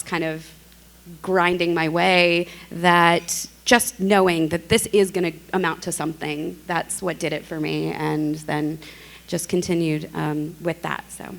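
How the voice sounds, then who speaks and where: A woman chef speaking on a panel, halting and full of fillers. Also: fairly low pitch, gravelly. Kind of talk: panel talk.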